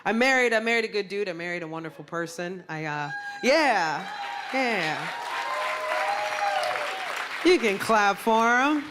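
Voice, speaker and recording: Brash woman comic on a loud stage. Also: mid-range voice, unhurried, pauses often, a loud crowd. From Puerto Rican heritage. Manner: brash, animated, blunt punchlines. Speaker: stand-up comedian. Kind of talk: stand-up comedy set. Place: comedy stage before a crowd. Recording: live club with loud audience laughter and noise.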